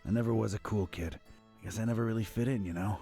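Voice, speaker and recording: A man's voice: fairly low pitch, quick pace, gravelly, warm tone. A man voicing an awkward, dry-witted male hero posing as a cultist, hesitant and wry, in a video game. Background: faint game music.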